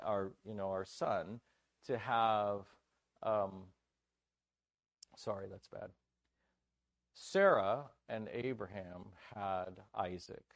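Man, preacher, lively rising and falling pitch, conversational sermon, dry close sound. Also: dry recording. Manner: animated, conversational, jokes with the audience. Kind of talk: conference sermon.

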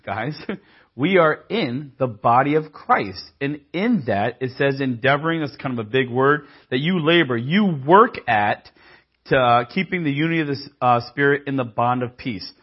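A man's voice: medium pitch, expressive, moderate pace, husky, muffled recording. A man preaching a sermon in a casual, conversational way, mixing scripture with humorous personal stories.

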